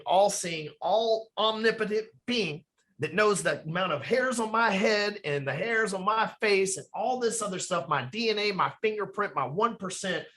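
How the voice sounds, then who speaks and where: A man's voice: a little high, a bit bright. A man talking as a podcast guest from his office, emphatic and rambling, with plenty of swearing. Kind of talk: casual podcast conversation.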